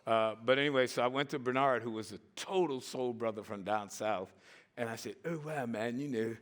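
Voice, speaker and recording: A man in his sixties telling stories on a conference stage in a lively way, acting out the voices and laughing often. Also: mid-range voice, brisk. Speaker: conference speaker. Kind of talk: storytelling talk.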